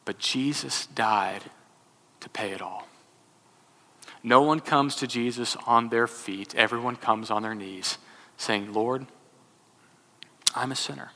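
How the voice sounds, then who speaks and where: Bright-voiced preacher in a reverberant hall. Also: male voice, medium pitch. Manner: animated storytelling that drops to hushed, solemn scripture reading. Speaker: pastor. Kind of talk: sermon.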